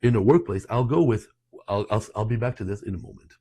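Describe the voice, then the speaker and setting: A man's voice: fairly low pitch, expressive, fast talker, dark tone, husky. A man teaching French for workplace exams, talking to learners in a persuasive, conversational way and dropping French terms into his English. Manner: frequent restarts and asides. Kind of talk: online lesson talk.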